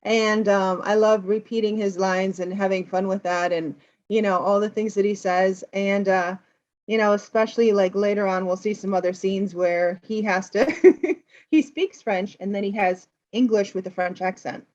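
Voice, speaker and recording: American woman, English teacher, lively storyteller, slightly muffled recording. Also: medium pitch, normal speed. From United States. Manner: lively storyteller, explains for learners. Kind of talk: casual chat retelling a film plot.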